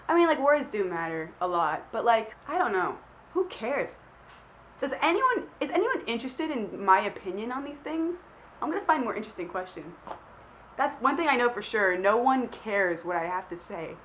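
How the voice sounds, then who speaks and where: A woman's voice: mid-range voice, a bit bright, a little hiss or hum, poor audio. Rambling young woman vlogger. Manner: rambling, self-deprecating, lots of "like" fillers. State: sick. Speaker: vlogger answering questions. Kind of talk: casual chat.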